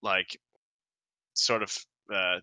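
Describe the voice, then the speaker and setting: Bright-voiced man running a tabletop game. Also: sits low, flat delivery, very slow, no room sound. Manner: rambling, many restarts, acts out guards. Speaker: game master.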